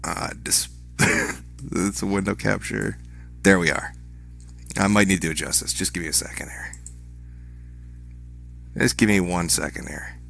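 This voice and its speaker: A man on a live stream speaks in a slightly low voice. His delivery is deadpan and sarcastic, with crude swearing that comes across as mock pleading. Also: measured pace, vocal fry, pauses often. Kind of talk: livestream commentary.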